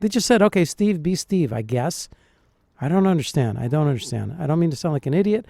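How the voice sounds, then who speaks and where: A man, a dialect coach, reacting to film clips and thinking aloud in a puzzled, animated way. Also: fairly high pitch, fast, gravelly, dry recording, studio quality. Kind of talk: reaction commentary.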